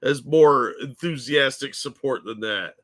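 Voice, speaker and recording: A man's voice: mid-range voice, a little slow, a bit bright, dry recording. A man co-hosting a casual political chat, blunt and mocking in tone. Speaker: co-host.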